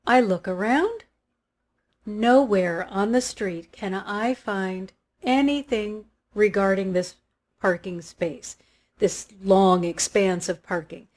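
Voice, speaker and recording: A woman telling a personal story in a lively way, acting out what she and others said. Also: mid-range voice, takes it slowly. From Los Angeles area. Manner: animated, acts out her own quotes. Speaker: spiritual teacher.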